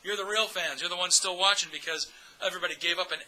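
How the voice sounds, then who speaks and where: A man's voice: high-pitched, fairly even intonation, fast talker, pushed and bright, low-quality recording. A man hosting a casual fan podcast, chatty and upbeat, speaking straight to his audience. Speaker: podcast host.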